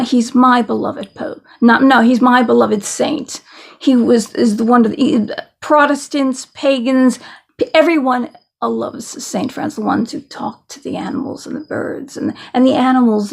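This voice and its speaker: A woman's voice: a little high, creaky. A woman delivering an angry, indignant political rant to the camera, repeating herself and restarting phrases often. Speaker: video commentator.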